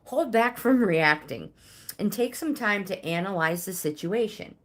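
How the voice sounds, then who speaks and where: An older woman hosting a casual livestream tarot reading, talking in a halting way with pauses and fillers. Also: fairly low pitch. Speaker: tarot reader and livestream host.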